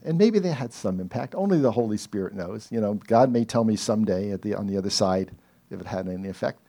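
Rambling, mellow-voiced male preacher. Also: mid-range voice, lively intonation, normal speed. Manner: conversational, rambling, many asides and self-corrections. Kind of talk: casual sermon.

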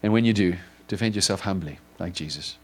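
A man with a somewhat low voice preaches in a loose, conversational way. He stumbles, restarts and strings clauses together with repeated "and"s, earnest and heartfelt as he retells the story. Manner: halting, many repeated ands and restarts; earnest and emotional. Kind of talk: informal sermon retelling a story.

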